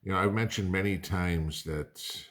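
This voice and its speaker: A man's voice: low-pitched, unhurried, a bit bright. A middle-aged man hosting a prepping channel, talking casually to camera in a conversational, rambling way with folksy asides.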